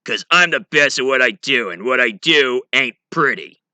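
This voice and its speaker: A man voicing a gruff, tough-talking clawed male mutant fighter in a fan-made audio drama. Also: mid-range voice, animated, moderate pace, pushed and bright, dry recording. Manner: gruff, calls people "bub".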